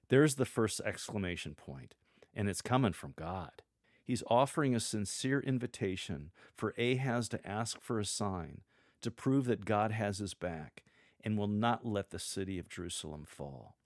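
A man with a fairly low voice gives scripted, measured coaching to church lectors. He reads sample lines aloud to show the delivery he means. The recording is close and dry, with no room sound. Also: expressive, no echo. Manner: measured, demonstrates readings aloud. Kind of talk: scripted teaching narration.

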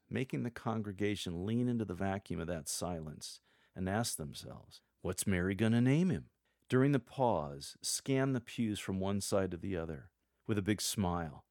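A man coaching church lectors in a measured, scripted teaching style, reading sample lines aloud to show how they should sound. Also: sits low, a little mellow, no room sound, clean studio sound.

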